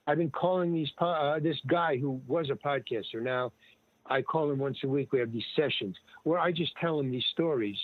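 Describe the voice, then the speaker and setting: An older man, an interview guest, telling stories in a rambling, casual way, full of restarts and lively retold dialogue. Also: a little high, moderate pace, no room sound. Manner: rambling, with many restarts and animated retelling of dialogue. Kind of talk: casual storytelling. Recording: dry, tinny phone-like line.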